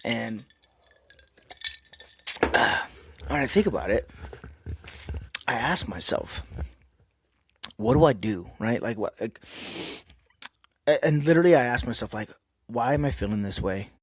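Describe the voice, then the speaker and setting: A man's voice: medium pitch, animated, measured pace, pauses often, husky. A man hosting his own podcast, talking candidly in a rambling, casual way with lots of fillers. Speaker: podcast host. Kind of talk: casual solo podcast monologue.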